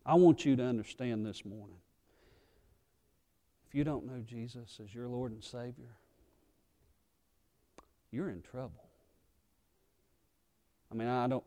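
A male pastor preaching a sermon. He swings from fervent, loud pleading to quiet, earnest low tones. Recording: echoey hall reverb.

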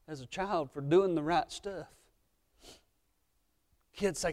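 A man preaching a sermon as pastor, emotional and impassioned, swinging between loud passages and hushed ones. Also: high voice, slow, long pauses.

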